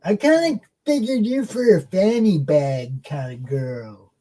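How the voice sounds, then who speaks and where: A woman's voice: fairly low pitch, a little slow, dark tone. A woman doing a lazy slacker guy. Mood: laid-back. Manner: laid-back, drawling, calls people bro and man. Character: lazy male slacker co-host living in the basement. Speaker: co-host. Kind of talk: comedy sketch show.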